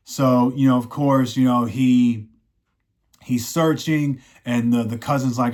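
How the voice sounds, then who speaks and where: A man's voice: mid-range voice, steady tone, measured pace. Rambling man recapping a show. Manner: rambling, many fillers and restarts, acts out quotes. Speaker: show reviewer. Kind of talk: casual plot recap.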